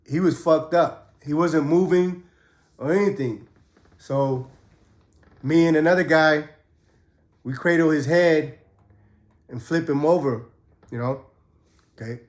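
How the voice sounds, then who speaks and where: A man with a slightly high, darkish voice tells prison stories in a laid-back, profane way, speaking at a measured pace with frequent pauses. When he quotes people, he acts it out in a raised voice, and the recording has a roomy echo.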